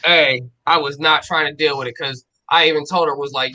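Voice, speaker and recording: A man hosting a casual stream, telling a drunken night-out story in slangy, profane, animated talk. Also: fairly high pitch, fairly quick, rough recording.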